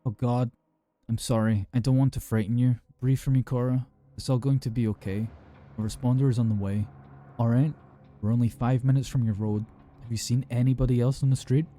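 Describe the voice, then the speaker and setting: A man voicing an emergency call operator who gives calm, steady instructions to a frightened caller. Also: medium pitch, a little fast, natural voice.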